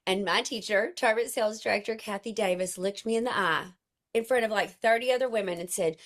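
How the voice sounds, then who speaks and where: Woman, sales director, earnest heartfelt storytelling, mid-pitched voice. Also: a little fast, fairly bright tone. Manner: emotional, earnest storytelling with frequent "y'all". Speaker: sales director speaking to her team. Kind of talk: personal storytelling to an online group.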